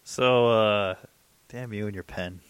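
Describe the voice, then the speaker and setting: Laid-back low-voiced male host. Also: slow pace, clear, resonant tone, no room sound. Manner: laid-back, teasing, laughs often. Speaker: podcast host. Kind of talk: casual chat.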